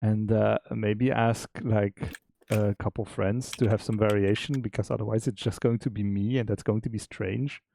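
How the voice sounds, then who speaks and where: Dry, relaxed male stream co-host. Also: on the low side, moderate pace, creaky, dry recording. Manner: relaxed, chuckling, trailing off and restarting. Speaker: game developer and stream co-host. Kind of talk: casual stream chat.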